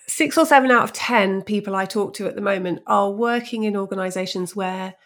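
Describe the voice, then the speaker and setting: A woman's voice: medium pitch, a little fast, a bit bright. A woman hosting a podcast, asking conversational questions and thinking aloud with enthusiasm. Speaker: podcast host.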